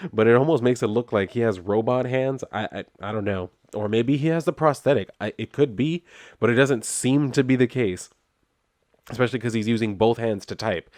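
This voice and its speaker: Male comic reviewer, rambling conversational recap, low voice, dry sound. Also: darkish tone, no echo. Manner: rambling, conversational, many fillers. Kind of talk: casual comic book review.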